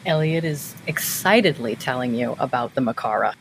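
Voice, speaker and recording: A woman's voice: very deep voice, expressive, normal speed, slight background noise. A woman running a tabletop game as game master, chatty and descriptive.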